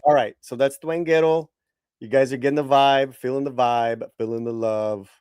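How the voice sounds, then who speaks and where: A man's voice: mid-range voice, fairly even intonation, moderate pace, darkish tone, clear, resonant tone, no room sound, studio quality, soft background music. A man hosting a casual talk show, chatting enthusiastically and loosely. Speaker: podcast host.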